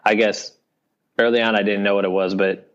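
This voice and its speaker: A man's voice: fairly low pitch, little pitch movement, brisk, fairly bright tone, smooth, dull audio. A young man from Iowa, a podcast guest, talking casually and rambling, often adding "you know what I mean". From Iowa, United States. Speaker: podcast guest, video director. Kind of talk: casual interview talk.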